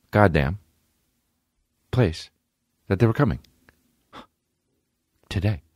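A man hosting a podcast, telling a comedic rant in a profane voice that drops to a low mutter and rises to high-pitched yelling. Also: no echo, clean studio sound. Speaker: podcast host. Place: podcast studio.

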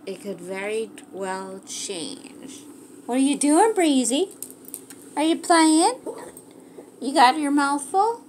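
A woman's voice: high-pitched, very animated, slow, pauses often, darkish tone, slight background noise. A woman talking fondly to her pets, coaxing and praising them in casual chat. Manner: coaxing, fond pet-talk. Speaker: pet owner filming her animals.

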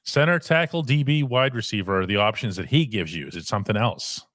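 A man's voice: fairly low pitch, animated, brisk, fairly bright tone, dry recording, studio quality. A man co-hosting a casual sports talk show, teasing his partner and reading viewer questions. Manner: playful, teasing, reads questions aloud.

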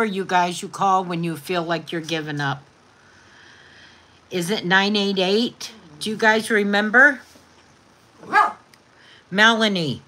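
Female livestream host, lowish bright voice, unhurried, affectionate with her viewers. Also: slight background noise. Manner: affectionate, reads viewer comments aloud; chatty recipe explaining. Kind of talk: casual livestream chat.

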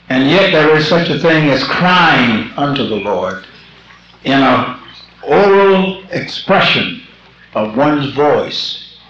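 An older man preaching a sermon as a bishop, slow and rhythmic, repeating phrases and breaking into shouts. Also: medium pitch. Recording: lo-fi old tape in an echoey church.

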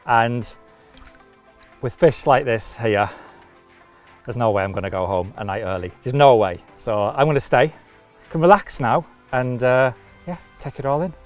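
A man's voice: medium pitch, normal speed, soft background music. A man hosting a fishing vlog outdoors by a lake, chatting easily as he explains his tactics. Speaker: angler and show host. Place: outdoors at a lakeside swim.

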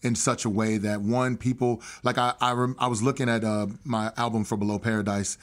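A man's voice: medium pitch, level tone, fairly quick. A man speaking as a podcast guest in a casual interview, telling a story in an earnest, heartfelt way with frequent restarts and familiar slang. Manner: slangy and familiar, calling the hosts bro.

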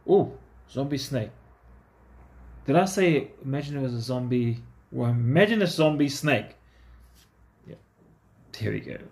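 Man, gravelly voice, unhurried, casual card-opening chat, talks to himself. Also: medium pitch, expressive, a little mellow. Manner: talks to himself, easygoing and chatty. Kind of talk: casual commentary while opening card packs.

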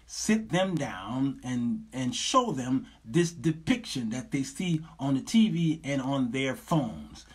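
A man's voice: mid-range voice, expressive, slow pace, hardly any pauses, husky. A male show host, lecturing viewers in casual livestream talk and laughing often.

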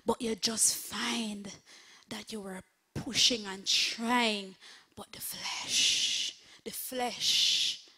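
A woman minister preaching an online sermon, swinging from hushed whispers to shouts. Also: a little high, steady tone, very slow, breathy edge. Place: home setup, streaming online.

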